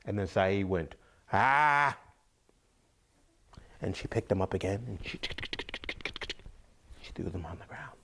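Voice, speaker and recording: A man's voice: low-pitched, steady tone, gravelly, a little mellow, husky. A man telling a folk tale to listeners, drawing out phrases, repeating words and dropping to whispers. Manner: drawn-out, repetitive, dips into whispers. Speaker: storyteller.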